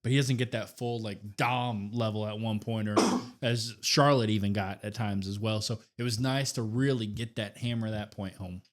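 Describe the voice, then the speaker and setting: A man co-hosting a wrestling podcast, chiming in with relaxed, casual commentary. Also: fairly low pitch, moderate pace. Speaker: podcast co-host.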